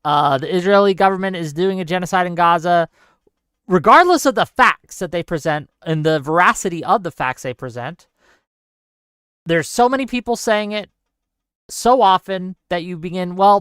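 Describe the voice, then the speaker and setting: A man's voice: high-pitched, expressive, normal speed, fairly bright tone, clean tone, no echo, studio quality. A man hosting a talk show, speaking emphatically in casual political chat and restarting his thoughts. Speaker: show host.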